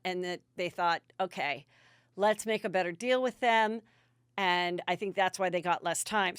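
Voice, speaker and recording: A middle-aged woman hosting a gossip podcast, chatty and animated, talking into a studio microphone. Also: mid-range voice, smooth, no room sound. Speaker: podcast host.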